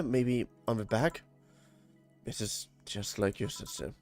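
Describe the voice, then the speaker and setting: Low-voiced German man reading a game. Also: steady tone, slow pace, pauses often, darkish tone, faint music behind. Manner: stumbles and restarts on words while reading, swears when annoyed. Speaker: streamer. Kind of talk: reading game dialogue aloud on a livestream.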